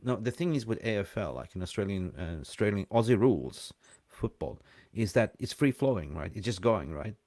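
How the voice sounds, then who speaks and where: A man hosting a live call-in show, chatting casually and rambling, quick to laugh. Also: fairly low pitch, animated, a little mellow, no room sound, studio quality.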